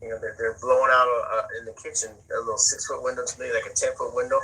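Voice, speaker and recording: A man's voice: medium pitch, flat delivery, fast talker, pushed and bright, breathy edge, low-quality recording. A man telling a personal story in an interview, casual and profane, often repeating words as he searches for them.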